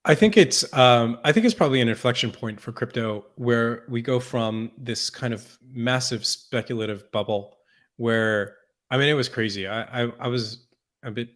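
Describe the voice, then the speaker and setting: A man's voice: on the low side, fairly bright tone. A man as a podcast guest, talking in a thoughtful, conversational way with many restarts and repeated words. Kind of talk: conversational interview.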